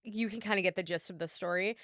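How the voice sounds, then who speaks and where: A young woman co-hosting a casual podcast, telling stories in an animated, laughing way with plenty of swearing. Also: mid-range voice, fast, dry recording, studio quality. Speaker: podcast co-host. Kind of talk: casual chat.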